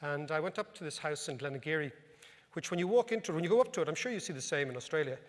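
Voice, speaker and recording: A high-voiced Irish man spins wry, anecdotal stories for a live audience at a club. His talk rings with a long reverb from the hall. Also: expressive, rapid-fire. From Ireland. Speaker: economic commentator, speaker. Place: club function room.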